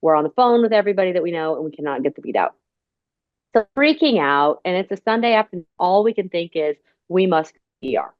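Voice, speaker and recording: A woman's voice: fairly low pitch, very animated, quick pace, no echo. Woman host rambling through a story, dry dull call audio. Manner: chatty, tells long personal stories. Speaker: podcast host. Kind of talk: casual storytelling interview.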